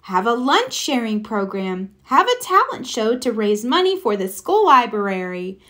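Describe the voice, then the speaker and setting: A woman voicing a confident, organized young girl frog with a clear, purposeful manner in a storybook reading. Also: on the high side, big pitch swings, a little slow, fairly bright tone.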